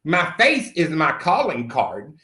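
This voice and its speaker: In a roomy, echoing recording, a middle-aged comedy character host improvises a comic monologue as a crude, brash country man who curses freely and calls everyone honey. His voice is fairly high with huge pitch swings, slow, bright and forceful, a full character voice.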